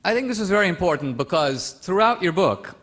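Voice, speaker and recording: A man's voice: high voice, big pitch swings, brisk, a bit bright. A man from India arguing a point in a formal stage debate, insistent and full of pointed questions. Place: debate stage before a live audience.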